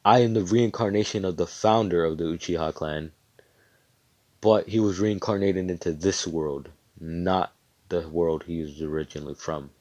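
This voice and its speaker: A man's voice: low voice, fairly even intonation, moderate pace, a little mellow, dry recording, lightly acted. Man voicing a cocky, swearing young hero. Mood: boastful. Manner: swaggering, swears a lot. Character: cocky young male hero, boastful and crude.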